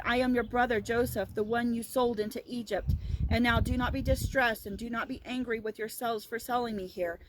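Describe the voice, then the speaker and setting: Woman, teacher, higher voice, reads scripture then paraphrases casually, faint background hiss. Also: rough recording. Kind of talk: reading and explaining a Bible story.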